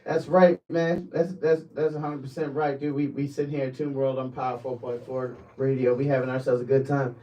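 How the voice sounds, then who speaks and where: A man's voice: medium pitch, flat delivery, moderate pace, few pauses, mellow, recorded from a distance, dull audio, a little hiss or hum. A man hosting a casual online radio show, loose and laughing like a hype man.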